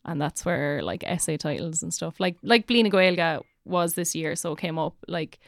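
A woman's voice: lowish voice, animated, moderate pace, no echo, studio quality. A young woman teacher with an Irish accent, chatting casually on a podcast and filling her speech with "like". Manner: chatty, lots of "like" fillers.

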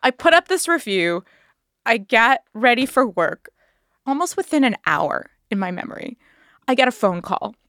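A woman telling a story to podcast hosts in a casual, animated way, laughing as she goes and acting out what people said. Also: on the high side, moderate pace, no echo. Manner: animated, laughs while telling, acts out quotes.

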